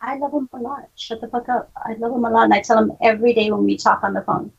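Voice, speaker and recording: A woman's voice: fairly high pitch, steady tone, quick pace, vocal fry, breathy edge. A woman co-hosting a podcast in casual chat, brash, boisterous and swearing freely. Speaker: podcast co-host. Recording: dull lo-fi call audio.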